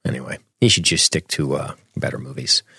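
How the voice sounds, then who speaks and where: Low voiced guy casually recapping a show on a podcast, dry close sound. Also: brisk, breathy edge, no echo. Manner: relaxed, laughs often, reads chat questions. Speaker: podcast co-host. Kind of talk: casual chat recapping a TV episode.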